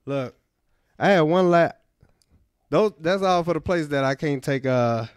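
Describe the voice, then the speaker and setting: A man hosts a radio podcast and delivers a comedic monologue. He tells his stories in an easygoing way and repeats his punchlines. His voice is smooth and resonant, heard dry and close on a studio microphone. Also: on the high side, unhurried, no echo. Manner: laid-back storytelling, repeating punchlines.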